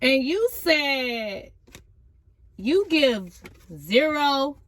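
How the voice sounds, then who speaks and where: A woman with a high, bright-pitched voice runs a casual tarot reading for her viewers. She sounds amped and energetic, chatting loosely and full of slang as she speaks to the audience. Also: drawn-out words. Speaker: tarot reader.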